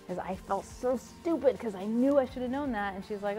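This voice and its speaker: A woman in her thirties, a motivational coach, telling rambling, self-deprecating personal stories in an animated way. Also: mid-range voice, fast, hardly any pauses, music in the background.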